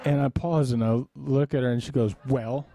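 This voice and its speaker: Mellow-voiced man telling a story on a live stream. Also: medium pitch, steady tone, a little fast, vocal fry, slight background noise. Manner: rambling, self-deprecating, laughs often. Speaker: live webcast host. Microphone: desk microphone in a studio.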